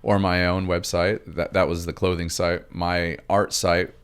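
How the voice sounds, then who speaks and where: A man's voice: deep voice, little pitch movement, a little slow, smooth. A man giving a rambling, emphatic political commentary monologue, swearing and restarting often.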